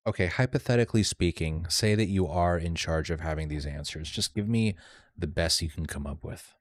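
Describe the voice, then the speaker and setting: A man with a very low voice talks casually while testing chatbots, demanding and blunt. The recording is close and dry, with no room echo. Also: brisk. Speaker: vlogger testing AI. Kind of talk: casual chat.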